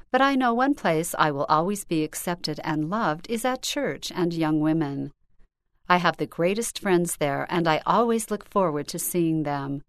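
Female narrator, measured earnest reading of a personal story, dry close recording. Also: fairly low pitch, dry recording. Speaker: reader.

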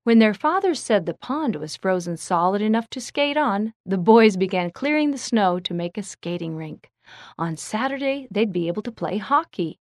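A woman reading a children's story aloud with clear, measured narration. Her voice sits in an ordinary middle range, recorded close and dry with no room echo. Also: medium pitch, animated.

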